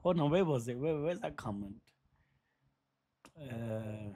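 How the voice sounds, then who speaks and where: Streamer dude, husky raspy voice, chill slangy banter with chat, shouting out viewers. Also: male voice, mid-range voice, lively intonation, slow, long pauses. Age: adult father. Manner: laid-back slangy banter, greets chatters. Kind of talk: casual livestream chat.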